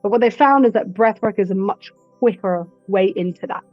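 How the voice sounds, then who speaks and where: A woman breathwork instructor speaking as a guest in a casual interview, telling stories in an animated way and acting out quotes. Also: mid-range voice, a little fast, dry recording, faint music behind. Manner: animated storyteller who acts out quotes. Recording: dull lo-fi dry recording.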